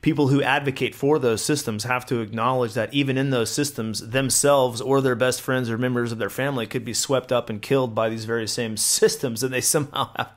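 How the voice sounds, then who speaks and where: A man's voice: mid-range voice, fairly quick, few pauses. Man telling a rambling story. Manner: rambling, animated anecdote telling with laughs. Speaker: podcast co-host. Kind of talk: casual chat, storytelling.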